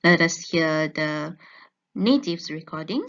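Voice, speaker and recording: A woman student giving an academic presentation on her research, explaining slowly with frequent ums. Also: low-pitched, lively intonation, a bit bright. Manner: measured, explanatory with fillers. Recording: dull lo-fi recording.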